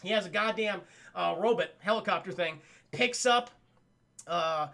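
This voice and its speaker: Guy streamer recapping a cartoon to chat, swears constantly, high bright voice with gravel in it. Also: normal speed. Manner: excitable, swears a lot, addresses chat. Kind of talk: casual, profane episode recap.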